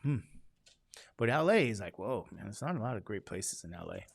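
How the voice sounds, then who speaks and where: A man's voice: on the low side, big pitch swings, brisk, gravelly, no echo. A man, a statistics instructor chatting casually and jokingly with his class before a lesson. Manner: chatty, joking storyteller, acts out quoted voices.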